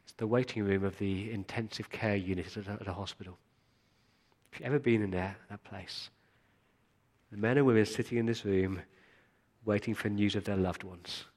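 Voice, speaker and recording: A man's voice: fairly low pitch, fairly even intonation, moderate pace, a little mellow. Earnest male pastor preaching. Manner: earnest, direct appeals to the congregation. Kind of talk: sermon.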